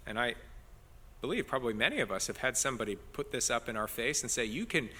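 A man's voice: mid-range voice, fast talker, sharp tone, in a large hall. A man preaching an expository sermon as pastor, earnest and building emphasis on key phrases.

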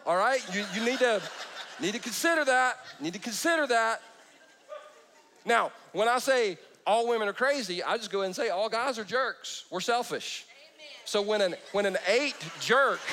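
A man preaching a sermon in church, his voice running a bit high for a man and rising and falling a great deal. He jokes with the congregation and keeps breaking off his own sentences. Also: expressive, moderate pace, sharp tone. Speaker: pastor.

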